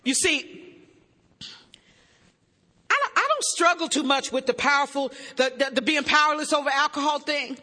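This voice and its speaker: A woman's voice: sits high, normal speed, long pauses, sharp tone. A woman on stage telling her recovery story to a meeting, emotional and blunt, joking with the audience into a stage mic. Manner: banters with the audience. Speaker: recovering alcoholic speaker at a meeting. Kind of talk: personal recovery testimony. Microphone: stage microphone. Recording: echoey hall with long reverb.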